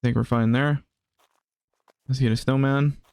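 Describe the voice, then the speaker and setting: Smooth-voiced man doing relaxed game commentary. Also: medium pitch, moderate pace, no echo. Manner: casual, chatty, laughs often. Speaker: gaming channel host. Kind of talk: let's play commentary.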